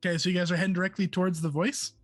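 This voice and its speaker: A man running a tabletop game as game master, chatty and relaxed, with many fillers. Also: high voice, rapid-fire, dry recording, faint music behind.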